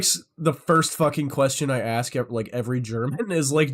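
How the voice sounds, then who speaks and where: Excitable streamer man chatting casually. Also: medium pitch, moderate pace, few pauses. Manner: excitable, swearing, jumps between tangents. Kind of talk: casual live-stream chat.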